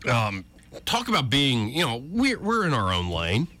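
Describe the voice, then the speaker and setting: A man's voice: medium pitch, wildly swooping pitch, moderate pace, sharp tone. A man hosting a political talk radio show, blunt, joking and opinionated.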